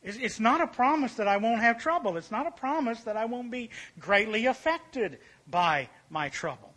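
A male preacher with a notably high, bright voice delivers a sermon. He presses his points by repeating key words and slowing down. His voice often sinks to a quiet hush at the end of a thought. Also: expressive. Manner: emphatic, repeats key phrases, slows and drops to a hush for emphasis.

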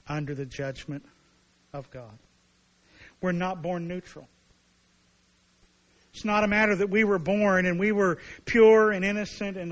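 Male preacher, slightly high voice, lively sermon delivery with acted asides. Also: rough recording. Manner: animated preaching, acting out voices of biblical figures. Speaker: pastor.

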